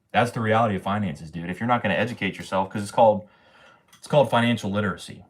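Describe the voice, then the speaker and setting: A man's voice: lowish voice, quick pace, husky. A man in his twenties hosting a casual livestream, talking to chat in a slangy, profane way and tagging sentences with bro and man. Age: 20s. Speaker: livestream host.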